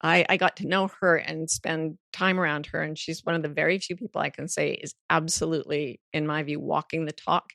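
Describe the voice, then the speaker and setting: Woman in her 60s, guest author, animated storyteller, gravelly low voice. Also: fairly quick, no echo, studio quality. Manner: animated storyteller, playful, swears freely. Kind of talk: podcast interview.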